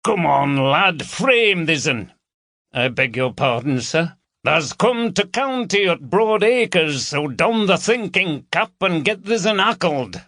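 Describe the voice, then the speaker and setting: A man's voice: on the high side, sing-song, a bit bright, no room sound, studio quality, pitched above the performer's own voice, full character voice. Man doing hearty Yorkshire chief inspector. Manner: hearty, teasing, brisk. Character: jovial Yorkshire male chief inspector, teasing.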